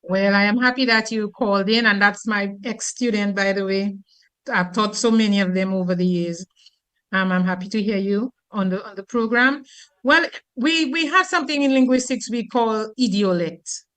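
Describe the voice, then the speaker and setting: A woman's voice: mid-range voice, normal speed, a bit bright. A woman from Dominica, a linguist guest explaining pronunciation on a radio call-in show. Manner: explanatory, gives spoken examples. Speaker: linguist guest and former teacher.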